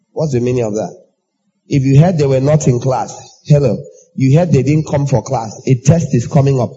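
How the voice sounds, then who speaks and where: A man preaching a sermon in an animated way, acting out everyday exchanges in raised voices. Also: dull audio, slight background noise. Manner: animated, acts out dialogue in high voices.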